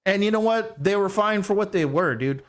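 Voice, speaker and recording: A man's voice: high-pitched, animated, a little fast. A man co-hosting a casual podcast chat, laid-back and saying "dude" often. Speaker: podcast co-host.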